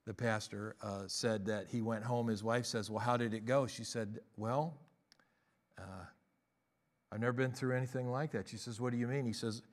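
A man preaching a sermon, telling stories in a hushed voice and then rising to loud, emphatic declarations. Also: medium pitch, fairly even intonation, normal speed. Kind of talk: sermon with storytelling.

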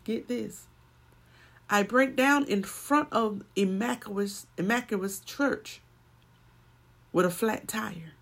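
A woman's voice: medium pitch, slow, vocal fry, pauses often, a bit bright. A woman preaching a sermon and telling a personal story, building to emphatic swells.

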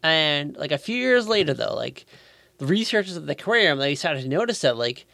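A man's voice: fairly high pitch, sing-song, brisk, vocal fry, no echo, clean studio sound. A man co-hosting a podcast, telling a story in casual chat, swearing a lot and loading his talk with fillers. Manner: profane, filler-heavy storytelling with loud put-on voices. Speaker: podcast co-host.

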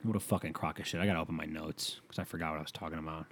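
A man's voice: a bass voice, steady tone, very fast, breathy edge. A young man hosting a solo podcast, ranting and rambling with lots of swearing. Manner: profane, rambling, exasperated. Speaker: podcast host. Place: bedroom. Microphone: leaning on the mic.

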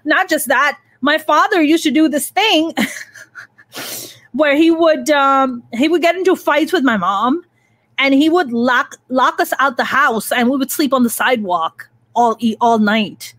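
A woman in her thirties hosts a frank conversation, swearing freely as she speaks with raw emotion. Her voice sits high, and it is recorded dry and close with no room sound. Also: unhurried, fairly bright tone, no room sound. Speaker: podcast host. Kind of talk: candid conversational interview.

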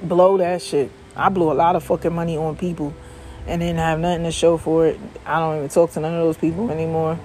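A woman's voice: deep voice, flat delivery, fairly quick, dark tone, faint music behind. A woman giving blunt, loosely rambling motivational talk outdoors on her porch, swearing freely as she chats. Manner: blunt, profane, loose and chatty. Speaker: vlogger. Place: outdoors on a home porch by water.

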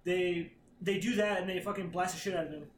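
A man's voice: high voice, brisk, a little hiss or hum. A man on a podcast casually recapping a comic plot, rambling and swearing, acting out characters' lines. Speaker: podcast co-host. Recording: roomy echo.

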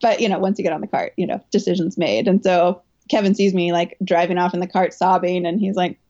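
A woman's voice: on the low side, fairly even intonation, brisk, hardly any pauses, warm tone. Chatty woman athlete on muffled audio. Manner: chatty, filler-heavy, emotional retelling. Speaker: elite marathon runner and coach. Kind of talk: candid interview storytelling.

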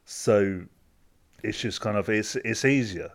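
A man's voice: on the low side, slow pace. A man co-hosting a casual podcast chat. He rambles and hesitates, often restarting his sentences. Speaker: podcast co-host.

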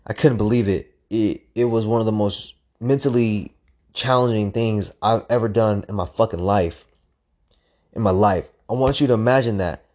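A man's voice: lowish voice, moderate pace, darkish tone. A young man telling a story in a casual, intense way, swearing often, repeating phrases and acting out his own inner voice. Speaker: storyteller recounting a hard run.

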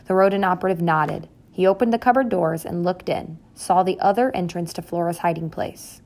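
Woman audiobook narrator, calm, low voice, gravelly. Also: brisk.

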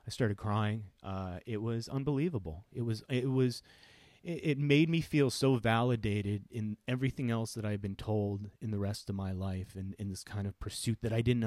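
Earnest low-voiced man telling his story. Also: a little mellow, dry recording. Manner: earnest, reflective, often halting. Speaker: podcast host. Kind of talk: personal storytelling.

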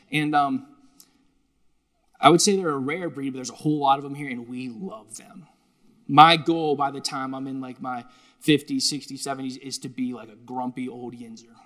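A man preaching a sermon to a live congregation in a lively, joking, conversational way. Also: on the high side. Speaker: pastor.

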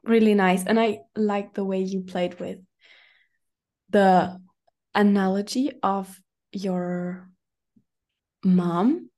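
Slow, mellow-voiced woman host. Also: mid-range voice. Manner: supportive, reflective, speaks in drawn-out phrases. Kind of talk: casual chat.

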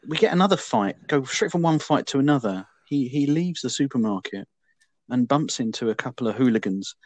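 Lively, teasing man. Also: medium pitch, fairly quick, no echo. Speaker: film podcast co-host. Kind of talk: casual chat.

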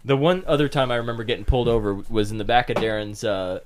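A man co-hosting a casual podcast with friends, telling stories in a profane, animated way. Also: medium pitch, fast. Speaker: podcast co-host. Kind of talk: casual chat among friends.

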